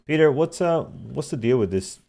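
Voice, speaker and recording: A man's voice: mid-range voice, lively intonation, moderate pace, creaky, warm tone. A man hosting a live trading show, giving casual market commentary, reading out tickers and repeating warnings to be careful. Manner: casual, reads tickers aloud, repeated cautions.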